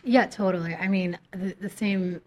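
A woman guest with a slightly raspy voice, explaining credit in a relaxed, casual way with many fillers. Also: mid-range voice, normal speed, a little hiss or hum. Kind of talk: casual interview chat.

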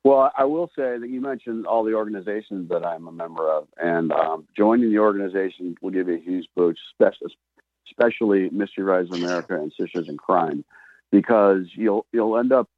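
Quick-talking man on a phone line. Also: low voice, no echo. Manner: animated, acts out both sides of dialogue. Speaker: phone-in guest author. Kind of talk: casual storytelling.

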